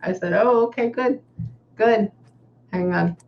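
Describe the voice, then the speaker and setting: Chatty Texan woman medium. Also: medium pitch. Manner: chatty, relays messages, often pauses with "hang on". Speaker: psychic medium. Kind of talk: casual reading session. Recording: slightly dull audio with faint background noise.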